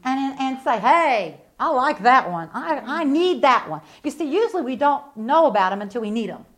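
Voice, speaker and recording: A middle-aged woman with a fairly high voice preaches with fervent conviction. She drops low and soft for reflection, then climbs into loud, emphatic bursts. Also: sing-song, normal speed. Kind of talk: sermon.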